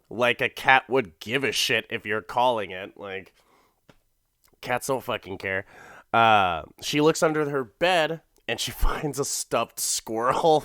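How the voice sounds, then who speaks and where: Here a comedy podcast host laughs and swears through a loose episode recap, slipping into put-on voices for each character. He has a medium-pitched, bright, forceful voice that is clear and resonant, recorded studio-quality with no echo.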